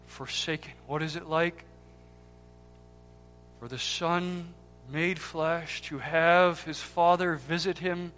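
A man preaching a sermon with impassioned swings between loud cries and hushed, near-whispered words, repeating key words for emphasis. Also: a little high. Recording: long hall reverb with faint music.

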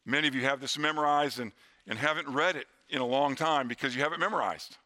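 A middle-aged man delivers a Sunday sermon with a bright, forceful voice. He preaches earnestly and slows down to a near hush on the lines he wants to land. His pitch sits right in the ordinary male middle. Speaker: pastor.

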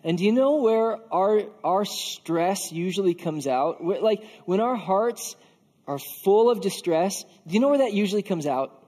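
A man with a notably high voice gives a casual, earnest sermon, talking to the congregation as if chatting and leaning on the word "like". His voice rings with the long reverb of a large church hall. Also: expressive, unhurried, mellow. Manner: casual and earnest, with frequent filler "like". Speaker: pastor. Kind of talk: conversational sermon.

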